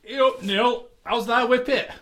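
A man's voice: extremely high pitch, steady tone, measured pace, a bit bright, a little hiss or hum. An actor playing a teasing male friend putting on a northern English accent, mock-innocent. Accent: put-on northern English.

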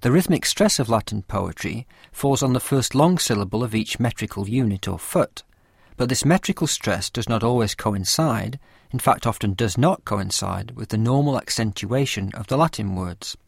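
A man reading a scripted lesson with a measured, careful explanatory delivery. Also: on the low side, expressive, gravelly, slightly rough, no room sound, studio quality. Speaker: teacher of poetry. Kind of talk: scripted lecture narration.

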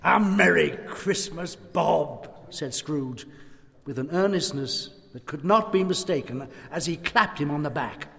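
A man delivers a slow, theatrical literary reading with a high voice. The sound carries the long reverb of a hall. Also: expressive, a bit bright. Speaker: reader performing a public reading.

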